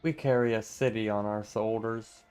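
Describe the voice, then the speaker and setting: A man reading every part of a game story aloud in a steady, mostly plain voice, breaking off now and then for casual asides. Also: lowish voice, normal speed, clear, resonant tone, soft background music.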